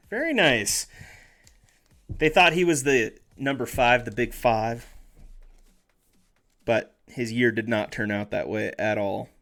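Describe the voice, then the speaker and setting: A man's voice: medium pitch, gravelly, a bit bright. A man chatting casually on a live stream as he opens packs, reading names aloud, joking and correcting himself along the way. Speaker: streamer opening trading card packs.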